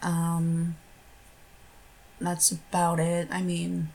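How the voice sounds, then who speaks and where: A woman's voice: on the low side, monotone, very slow, creaky, a little mellow. A young American woman doing a casual accent-tag video, giggling often between her answers. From United States. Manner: giggly, laughs between words. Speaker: vlogger.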